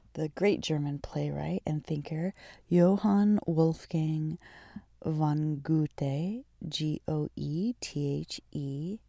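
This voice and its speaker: A woman's voice: low-pitched, creaky, warm tone, dry recording, clean studio sound. A woman, hosting a podcast and telling a personal story in a reflective way, often searching for words. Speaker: podcast host.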